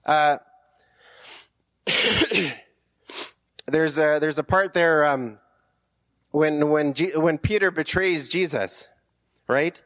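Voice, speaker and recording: A man's voice: a little high, extremely slow, pauses often, a bit bright. A man preaching a conversational sermon, earnest, with rhetorical questions and frequent restarts.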